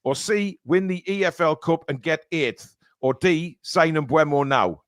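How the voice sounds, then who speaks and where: A man's voice: fairly high pitch, measured pace, dry recording, clean studio sound. A man hosting a casual live stream, reading out donations with lots of fillers. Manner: rambling, many fillers. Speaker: stream host reading super chats.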